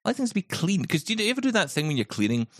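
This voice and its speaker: A man hosting a podcast in casual chat, playful and jokey with quick asides. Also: sits high, sing-song, fairly bright tone, dry recording, studio quality. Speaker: podcast host.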